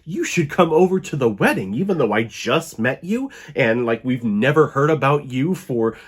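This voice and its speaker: Hoarse guy doing a pushy cousin voice, sing-songy and mocking. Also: medium pitch, lively intonation, moderate pace.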